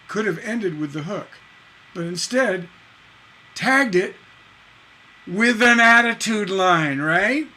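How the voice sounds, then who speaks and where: A man's voice: sits high, animated, takes it slowly, pauses often, sharp tone, slight background noise. A man teaching a live-streamed songwriting lesson, casually explaining lyric stresses, singing and humming lines and tapping out da-da rhythms to show them. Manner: explains casually, checks in with "right?" and answers chat. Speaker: songwriting instructor.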